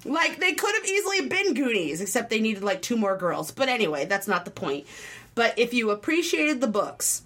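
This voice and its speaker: A woman co-hosting a casual talk show, rambling with lots of fillers and animated asides. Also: a little high, moderate pace. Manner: rambling, filler-heavy, animated, acts out quotes. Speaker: podcast co-host reviewing a film. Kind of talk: casual chat.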